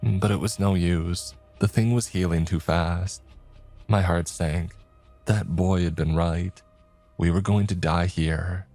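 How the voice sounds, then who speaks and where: Deep-voiced man narrating horror. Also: fairly even intonation, a little mellow. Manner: measured, dramatic. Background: faint music.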